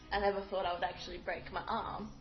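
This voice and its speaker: Young woman, casual vlogger, rambling and chatty; dull lo-fi recording. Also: mid-range voice. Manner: chatty, rambling with fillers and acted-out quotes. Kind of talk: casual storytelling to camera. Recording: dull lo-fi audio with faint music.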